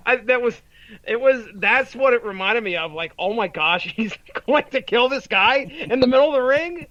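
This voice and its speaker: A man's voice: extremely high pitch, expressive, normal speed, sharp tone, no echo, dull audio. A man in his thirties co-hosting a podcast in casual chat, rambling with restarts and frequent laughter. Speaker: podcast co-host.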